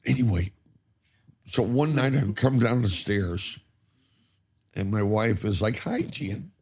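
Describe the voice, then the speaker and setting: A man's voice: on the low side, slow pace, a little mellow, breathy edge. An older man, a guest in a casual chat, telling stories animatedly and laughing often. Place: cannabis company campus studio.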